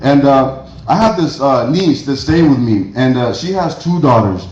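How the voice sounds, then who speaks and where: A middle-aged man from Mexico tells rambling stand-up stories, chuckling at his own punchlines. His voice sits at an ordinary middle pitch. It carries the echo of a big church hall through a slightly muffled, lo-fi recording. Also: expressive, normal speed, a little mellow. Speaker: stand-up comedian. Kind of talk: stand-up comedy set. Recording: roomy, dull lo-fi hall recording.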